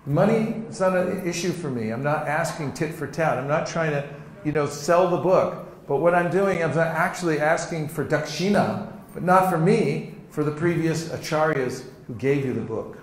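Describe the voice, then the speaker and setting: A man teaching a seminar, acting out sample conversations in a lively way and laughing often. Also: on the high side, normal speed. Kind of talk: teaching with acted-out demonstrations. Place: seminar room with an audience. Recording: roomy hall echo, faint noise.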